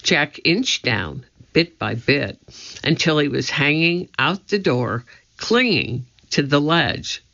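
An audiobook narrator giving a measured, deliberate storybook reading on a dull lo-fi recording. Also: medium pitch, expressive, vocal fry, pushed and bright.

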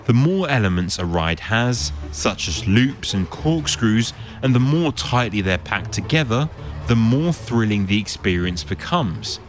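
A man narrating a science documentary in a measured, explanatory way. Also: fairly low pitch, expressive, faint music behind. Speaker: presenter.

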